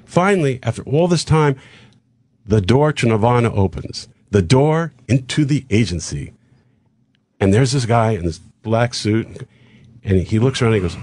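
An older man telling a long show-business story on a radio talk show, acting out the dialogue of the people in it with quick asides. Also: medium pitch, no room sound. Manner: animated anecdote with acted-out dialogue and quick asides. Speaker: guest comedian telling a story.

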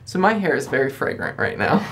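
A young man telling a story to his vlog camera in a chatty, rambling way. His voice swings up and down with a lively intonation and sits at a mid pitch. He often stops to correct himself and then carries on. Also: brisk, background noise. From United States. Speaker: vlogger.

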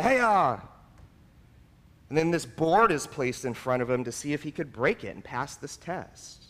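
A man's voice: fairly high pitch, a bit bright, long reverb tail. A man preaching a sermon as pastor, speaking in an earnest, personal, confessional way. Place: church sanctuary.

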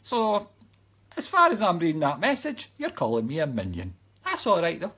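A man's voice: a little high, huge pitch swings, normal speed, a bit bright, slightly rough. A Scottish man hosting a casual live stream as a psychic medium, bantering playfully with his viewers and reading out their comments. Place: home room by a Christmas tree. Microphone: webcam close-up.

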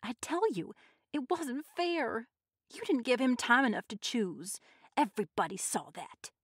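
Woman as a desperate village housewife, shrill and pleading, high and wide-ranging. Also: very animated, a little slow, fairly bright tone, slightly rough, dry recording, clean studio sound, heavily acted. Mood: frantic. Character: frantic village housewife protesting unfairness.

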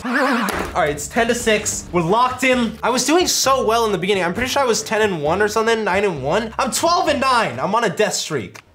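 A young man commentating his own gameplay, loud and excitable, yelping and joking as he gets shocked. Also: sits high, fairly quick, hardly any pauses, background noise. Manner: loud, excitable, yelps and jokes under shocks. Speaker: gaming YouTuber.

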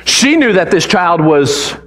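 A man with a high, light voice delivers a church sermon. He tells the story with drama and gets the congregation to repeat lines back to him. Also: a little slow. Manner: animated, dramatic storytelling with audience call-and-response. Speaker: preacher.

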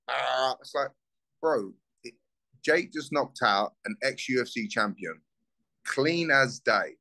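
A man's voice: mid-range voice, expressive, slow pace, gravelly, long pauses, sharp tone, rough recording. A young man from South East London with a South London accent, a bare-knuckle fighter talking bluntly and swearing freely in a casual interview.

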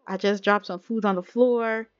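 A clumsy, harried waiter, voiced by a woman narrating a game rushes out his excuses. The voice sits at a middle pitch and sounds a little muffled and lo-fi. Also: steady tone, close to an everyday voice. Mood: flustered.

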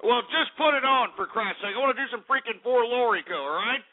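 Rowdy high-pitched male radio host. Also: animated, fast. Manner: rowdy, yelping, cursing, out of breath from stomping. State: out of breath. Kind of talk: comedic talk radio rant. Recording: tinny phone-like radio audio with faint music.

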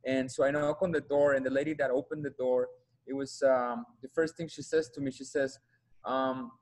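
In a low-quality recording, a guest speaker tells his personal testimony in a flat, mid-range voice marked by a Mexican Spanish accent. He comes across as earnest, pausing and repeating himself as he gropes for words.

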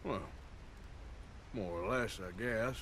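A man's voice: on the low side, slow pace, a bit bright. An actor playing a rugged, sardonic male outlaw in a video game, speaking in a dry, blunt way. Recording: game audio with clear background noise.

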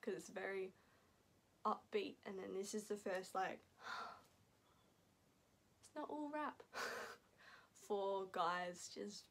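A young Australian woman rambling excitedly in a casual reaction vlog, laughing often between thoughts. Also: medium pitch, extremely slow, pauses often, a little hiss or hum. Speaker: vlogger.

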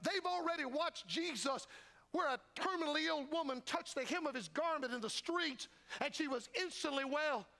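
A man's voice: very high voice, moderate pace, gravelly, pushed and bright. An older man preaching a revival sermon as a traveling evangelist, folksy and fervent, acting out the disciples' voices. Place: church sanctuary.

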